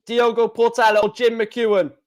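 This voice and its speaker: An excitable man commentating live on a stream, shouting and repeating himself at big moments. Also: very high voice, normal speed.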